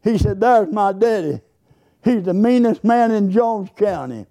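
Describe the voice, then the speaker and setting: A man's voice: high-pitched, expressive, a little slow, mellow. An older man, a Baptist preacher telling a story in a sermon and acting out both sides of the dialogue in a folksy way.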